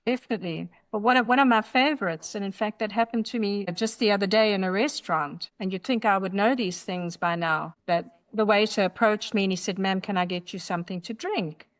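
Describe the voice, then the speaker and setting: Animated South African woman storyteller. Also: mid-range voice, fairly quick, few pauses. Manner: animated, emphatic listing, laughs while telling anecdotes. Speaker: guest author. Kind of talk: conversational storytelling.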